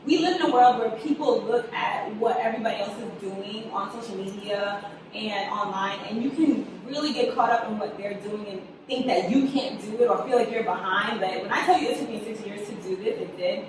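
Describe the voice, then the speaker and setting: A woman's voice: mid-range voice, a little fast. A young adult woman, a guest writer and director, chatting casually in an interview, telling stories animatedly and acting out quotes with frequent laughs. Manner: animated storyteller, acts out quotes, laughs often. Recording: echoey room, distant mic, background noise.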